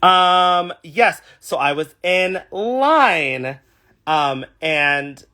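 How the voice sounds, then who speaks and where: A man's voice: high-pitched, expressive, extremely slow, pushed and bright. A young man from California, a drag performer, chatting casually on a livestream and reading viewer comments aloud.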